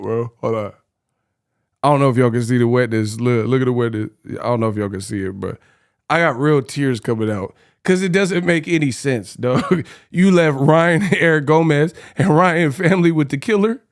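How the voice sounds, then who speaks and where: Guy doing boxing reaction commentary, slangy and mocking, kinda high voice. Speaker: boxing commentary channel host.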